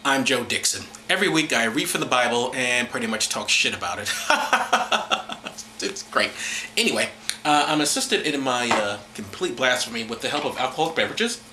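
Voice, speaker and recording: A man's voice: mid-range voice, animated, normal speed, echoey room, background noise. A man hosting a casual, irreverent talk, rambling, laughing and mocking as he goes. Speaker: host.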